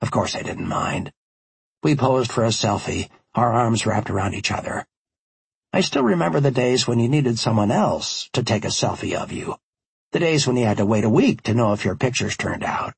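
Male audiobook narrator, wry first-person storyteller, gravelly, studio-dry. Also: mid-range voice, expressive, moderate pace, dry recording. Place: recording studio. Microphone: studio microphone.

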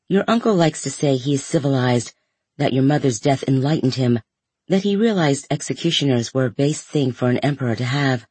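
A man reading a first-person story aloud in a measured, even way. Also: medium pitch, husky, dry recording. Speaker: audiobook narrator.

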